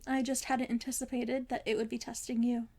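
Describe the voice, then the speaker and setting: A woman voicing an old male wizard headmaster, calm, mild and unhurried, in a fan fiction reading. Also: a little high, vocal fry.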